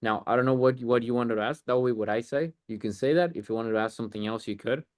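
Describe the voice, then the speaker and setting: A man's voice: mid-range voice, fast, dry recording, studio quality. A man coaching a sales group on a video call, blunt and emphatic.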